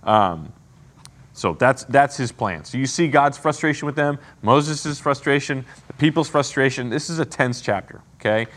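A man leads a casual Bible study in a conversational way, often checking in with his listeners. His voice is animated and rises and falls widely in pitch. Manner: conversational, frequent "right?" and "okay?" check-ins.

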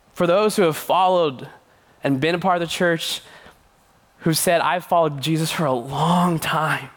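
An earnest young man preaches to a youth group in a conversational tone. He slips in light, playful asides between the serious points. His voice sits at an everyday middle pitch. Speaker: youth pastor. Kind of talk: sermon.

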